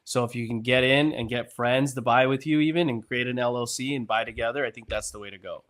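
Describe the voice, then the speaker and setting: A man's voice: medium pitch, steady tone, fast, fairly bright tone. A man co-hosting a podcast, agreeable and easygoing, offering advice to young listeners. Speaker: podcast co-host. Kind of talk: casual chat.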